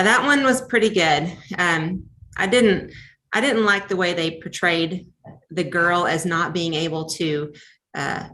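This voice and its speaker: Chatty woman with a bright voice. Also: fairly low pitch, a little hiss or hum. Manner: chatty, rambling with many fillers and restarts. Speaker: library podcast co-host. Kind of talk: casual book chat.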